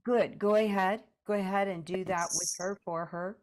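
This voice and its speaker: Woman therapist gently guiding a client. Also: mid-range voice, steady tone, moderate pace. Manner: gentle, directive prompting. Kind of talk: guided therapy session.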